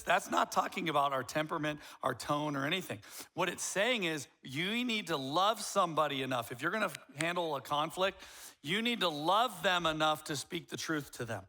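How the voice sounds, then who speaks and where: A middle-aged man preaching a sermon as pastor, animated and acting out quoted voices. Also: a little high.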